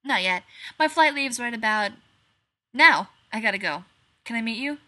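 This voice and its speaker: A woman's voice: a little high, expressive, moderate pace, sharp tone. A woman voicing a chipper young woman with a predator underneath, speaking in a light, teasing way in a story reading. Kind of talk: fan fiction read aloud.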